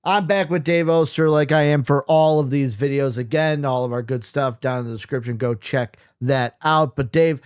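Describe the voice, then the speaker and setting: A man's voice: mid-range voice, normal speed, few pauses, smooth. A man hosting a casual sports chat, loose and joking, who drops the odd swear. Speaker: host.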